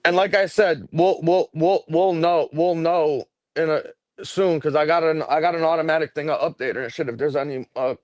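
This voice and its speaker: A man's voice: a little high, fairly even intonation, moderate pace, hardly any pauses, dry recording. A man co-hosting a live stream in casual chat, heated and profane, often repeating himself.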